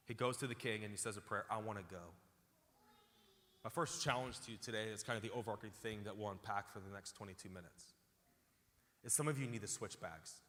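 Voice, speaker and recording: Pastor guy preaching loud and emphatic, bright voice, big churchy reverb. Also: lowish voice. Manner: emphatic, repeats phrases for effect, calls out to the congregation. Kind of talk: sermon. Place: large church auditorium. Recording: hall reverb from a large church.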